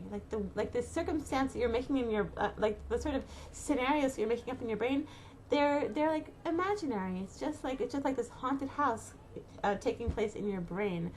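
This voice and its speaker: This middle-aged woman speaks to mothers as an inspirational speaker, her voice on the high side with a darkish tone. Her casual advice is full of fillers and restarts, and she acts out worried thoughts, with a bit of hiss or hum audible.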